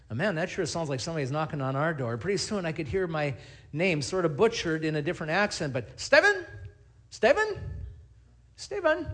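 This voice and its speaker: A middle-aged man, a pastor, preaching a sermon and telling stories in a lively, animated way. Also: on the high side. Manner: storytelling, animated, acts out scenes.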